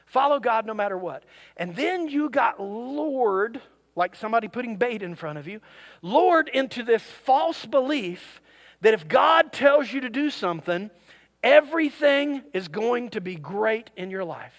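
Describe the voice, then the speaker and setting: A pastor preaching a sermon to his congregation, with animated delivery and jokey asides to the crowd. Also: very high voice, a little slow. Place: church service.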